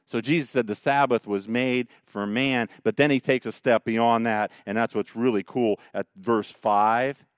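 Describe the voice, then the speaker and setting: A male pastor, preaching a sermon in an animated, joking way. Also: medium pitch, measured pace, few pauses, clear, resonant tone, dry recording, clean studio sound. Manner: animated, joking storyteller who mocks the Pharisees.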